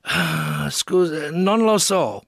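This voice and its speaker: A man voicing a cheerful middle-aged male artist who exclaims brightly. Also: a little high, huge pitch swings, takes it slowly, gravelly, no echo, clean studio sound, pitched above the performer's own voice, exaggerated voice.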